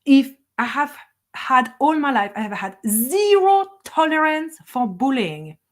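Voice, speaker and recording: Woman, spiritual teacher, middle-aged, slightly high voice, blunt, fiery, swears, laughs between points. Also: sing-song, unhurried. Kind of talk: emphatic motivational monologue.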